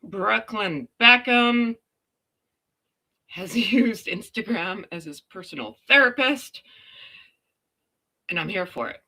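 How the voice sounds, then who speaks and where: A woman's voice: medium pitch, animated, slow, pauses often, sharp tone. A middle-aged Canadian woman hosting a casual livestream, chatty and exclaiming often, greeting viewers by name. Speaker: livestream host.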